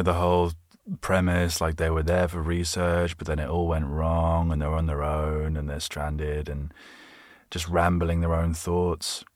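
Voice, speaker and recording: A man with a very low, deep voice, hosting his podcast alone and rambling from one thought to the next. He pokes fun at his own jokes, and the recording is close and dry. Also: dry recording. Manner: rambling and self-mocking, full of asides. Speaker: podcast host. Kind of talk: solo rambling podcast monologue.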